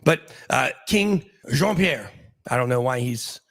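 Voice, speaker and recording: A man's voice: mid-range voice, animated, slow pace, creaky, fairly bright tone. A man hosting a casual talk show, speculating in a rambling way with many restarts and fillers. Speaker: host.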